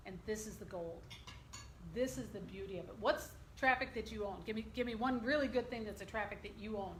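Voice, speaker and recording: A middle-aged woman giving an interactive workshop presentation, lively and quizzing her audience. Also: mid-range voice, fairly quick. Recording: echoey room, faint background noise.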